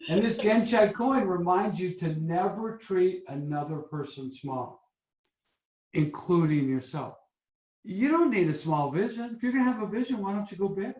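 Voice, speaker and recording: A man hosting a motivational webinar as a coach, telling stories in a lively, upbeat way over a video call. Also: sits high, normal speed. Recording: roomy, dull lo-fi webinar audio.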